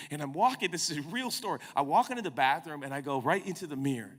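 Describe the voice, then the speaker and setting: A man's voice: a little high, animated, quick pace. A man in his forties, a pastor telling a comic, self-mocking story during a sermon. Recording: long hall reverb.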